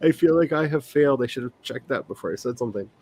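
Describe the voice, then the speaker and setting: A man's voice: medium pitch, fast, slight background noise. Chatty man hosting a casual livestream. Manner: chatty, rambling, laughs often. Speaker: livestream host, writer. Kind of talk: casual livestream chat with viewers.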